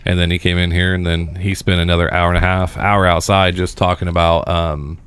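Very deep, smooth-voiced podcast man. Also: flat delivery, a little fast, a bit bright. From southern United States. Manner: rambling, restarts sentences. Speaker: podcast host. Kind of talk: casual chat.

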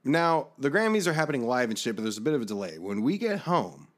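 Male podcast co-host, animated, profane storyteller with a lively, swinging pitch. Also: quick pace. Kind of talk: casual storytelling chat.

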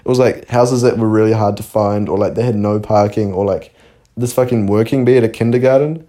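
Guy telling stories, mellow voice. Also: fairly low pitch, fairly even intonation, brisk. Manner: storytelling, laughs often, swears. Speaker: podcast co-host. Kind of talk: casual chat.

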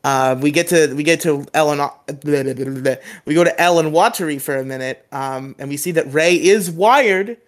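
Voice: mid-range voice, moderate pace, hardly any pauses. A podcast co-host giving a casual, rambling recap of an episode, laughing often and acting out quoted lines.

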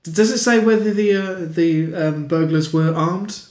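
A man co-hosting a chatty podcast, his slightly high voice full of hesitant restarts. The sound carries a roomy echo. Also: steady tone, moderate pace, darkish tone. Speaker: podcast co-host. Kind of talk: casual chat.

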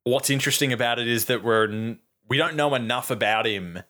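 A man chatting casually about a film, animated, swearing freely and acting out lines from scenes. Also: mid-range voice, a little fast.

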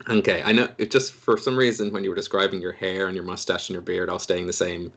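A man narrating as game master of a tabletop role-playing game, relaxed and wry, with frequent restarts. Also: low voice, fast.

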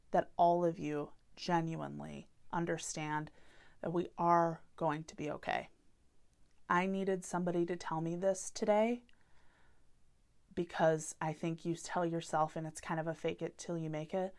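A woman's voice: lowish voice, darkish tone. A woman in her thirties hosting a solo podcast, talking earnestly and openly about hard feelings. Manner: earnest, heartfelt and openly vulnerable. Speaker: podcast host. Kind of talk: candid solo podcast talk.

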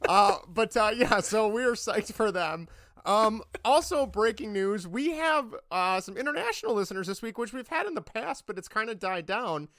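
A young man hosting a casual sports podcast, chatty and rambling, quick to laugh. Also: high-pitched, animated, a bit bright, no echo, clean studio sound. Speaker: podcast host.

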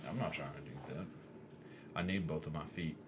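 A man's voice: very deep voice, moderate pace. A man in casual podcast chat who talks in a laid-back way, swearing and joking. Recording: clear background noise.

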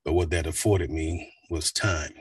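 Brief: man, voice actor in a casual interview, low husky voice, laid-back storyteller. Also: measured pace, far from the mic. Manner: relaxed, rambling storyteller with fillers. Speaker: voice actor guest.

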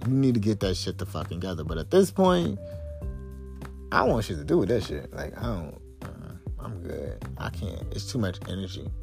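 Young man with a low voice and AAVE, venting blunt and heated with soft music behind. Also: big pitch swings, moderate pace, creaky. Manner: blunt, profane, heated, rising to exasperated highs. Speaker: podcast host. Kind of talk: venting monologue.

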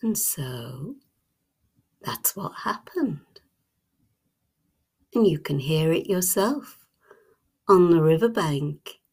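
A woman telling a storybook tale in hushed, whispered storytelling ASMR, with lingering pauses. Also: fairly low pitch.

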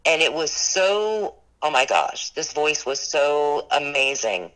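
Earnest, bright-voiced woman telling ghost stories. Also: low voice, very animated, slow, rough recording. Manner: earnest, rambling, heavy use of "like" and "you know". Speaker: ghost tour business owner. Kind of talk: recounting paranormal experiences in an interview.

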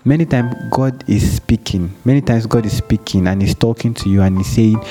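A man's voice: lowish voice, moderate pace, hardly any pauses, mellow, soft background music. A man hosting a devotional show, teaching earnestly, often repeating his phrases, and leading a prayer. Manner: earnest, repeats phrases, acts out a phone call. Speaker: devotional podcast host.

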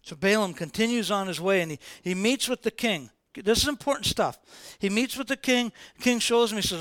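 A man preaching a sermon as informal, animated storytelling, repeating phrases for emphasis. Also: high-pitched, brisk, hardly any pauses, clean tone, no echo. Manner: animated, repetitive, colloquial storytelling.

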